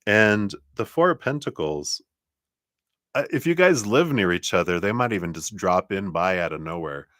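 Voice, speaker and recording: A low-voiced man from Colorado with a slight Southern drawl, reading tarot cards on a live stream. He talks in a chatty, rambling way, with soft laughs and muttered asides. The sound is dry, with no room echo. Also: lively intonation, moderate pace. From Colorado, USA. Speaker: tarot reader.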